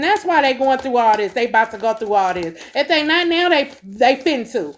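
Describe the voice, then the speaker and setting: A woman's voice: high-pitched, animated, brisk, hardly any pauses. Woman tarot reader, swears freely, repeats lines, calls everyone baby. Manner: profane, emphatic, repeats herself; calls listeners baby and collective. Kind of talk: spiritual tarot reading to viewers.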